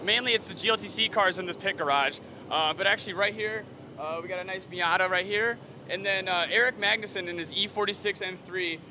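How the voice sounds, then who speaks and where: Man, pit reporter, friendly, casual, fast talker, high pitch. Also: sharp tone, slight background noise. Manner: friendly, quick, casual interviewer. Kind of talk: casual live event segment. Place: outdoors in pit garages.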